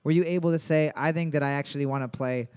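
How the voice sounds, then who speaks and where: A man's voice: on the high side, steady tone, fast, a little mellow, clear, resonant tone. A man hosting a casual trivia podcast, reading each question twice and cracking crude jokes. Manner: jokey, swearing, reads questions twice. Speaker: trivia host.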